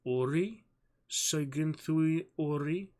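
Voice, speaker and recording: A man voicing a curious, earnest medieval boy who talks in a slow, formal, old-fashioned way. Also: medium pitch, expressive, pitched above the performer's own voice, close to an everyday voice. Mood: puzzled. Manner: archaic formal speech, slow and deliberate.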